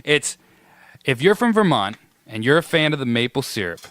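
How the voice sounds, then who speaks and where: A man's voice: medium pitch, very animated, moderate pace, fairly bright tone. Easygoing New England podcast guy. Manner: easygoing storyteller. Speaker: podcast co-host. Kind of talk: casual chat.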